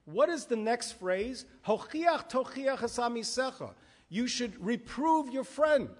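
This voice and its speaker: A rabbi giving a Torah class, an emphatic and lively storyteller who mixes jokes into his teaching. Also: very high voice, measured pace. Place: synagogue hall. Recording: long reverb of a large hall.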